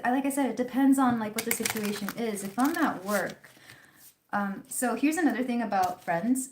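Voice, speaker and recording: A woman hosting a live tarot reading, chatting casually and rambling with fillers. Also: mid-range voice. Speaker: tarot reader hosting a livestream. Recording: roomy echo.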